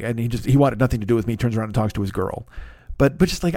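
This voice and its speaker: Profane, excitable man comedian ranting. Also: medium pitch, rapid-fire, no room sound, clean studio sound. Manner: animated, swearing, rants with mounting excitement. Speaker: podcast host; stand-up comedian. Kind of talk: profane storytelling monologue.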